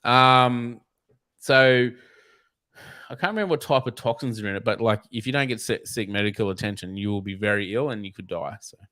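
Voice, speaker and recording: Australian man, snake catcher guest, low voice, blunt and profane, rambling stories, dry close sound. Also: fairly quick, bright, forceful tone, dry recording. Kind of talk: casual storytelling interview.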